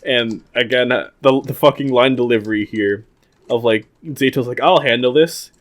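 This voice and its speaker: A man's voice: medium pitch, steady tone, moderate pace. A young man co-hosting a casual podcast, recapping an episode in a loose, rambling way. He laughs often and swears freely. He acts out the lines he quotes in goofy voices. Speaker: podcast co-host.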